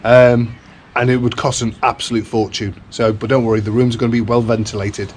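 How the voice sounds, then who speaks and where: A fifty-something man chats to camera in a relaxed vlog, full of slang, mumbling and letting his sentences trail off. His voice sits at an ordinary middle pitch. There is a faint hum of noise behind him, with now and then a vehicle going by. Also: a little fast. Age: 50s. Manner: mumbling, tails off at ends, chatty with slang. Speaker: vlogger. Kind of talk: casual chat to camera. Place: farmhouse under renovation in the countryside.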